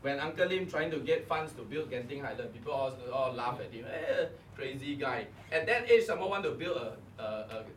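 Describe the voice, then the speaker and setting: A man's voice: medium pitch, animated, brisk, hardly any pauses, distant mic. A middle-aged man with a Malaysian English accent, coaching a live audience at a motivational seminar and firing rhetorical questions at them. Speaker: network marketing coach. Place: meeting room before a live audience. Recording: echoey room, voice off-mic, faint hum.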